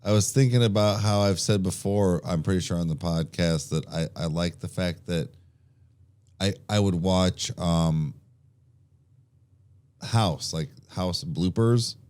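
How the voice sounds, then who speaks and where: Low-voiced dude rambling on a podcast, lots of restarts and casual swearing. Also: male voice, measured pace, a little mellow, clear, resonant tone. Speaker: podcast co-host. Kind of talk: casual chat.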